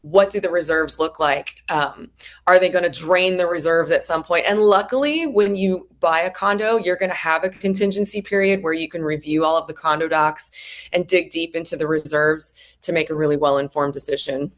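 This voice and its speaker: A woman's voice: sits low, normal speed. A woman, a realtor guest on an interview show, explaining the market in detail with examples. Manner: knowledgeable, explains with examples and lists of questions. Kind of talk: casual interview chat.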